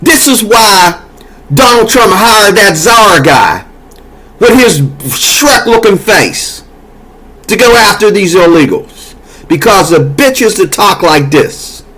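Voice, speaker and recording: A man's voice: sits high, animated, slow, bright, forceful tone. A man delivering a heated, profane political monologue, scolding and cursing as he talks. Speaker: political commentator. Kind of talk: angry monologue.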